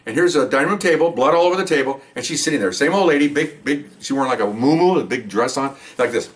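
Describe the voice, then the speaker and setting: A man's voice: fast talker, recorded from a distance. Older ex-cop man telling war stories. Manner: animated, acts out quoted dialogue with higher pitch. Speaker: retired police veteran telling stories. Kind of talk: casual storytelling to camera.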